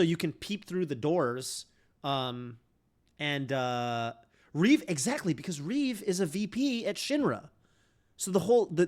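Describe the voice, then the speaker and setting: A man streaming a game, chatting casually in a rambling way full of fillers and restarts. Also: a little high. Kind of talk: casual chat while streaming.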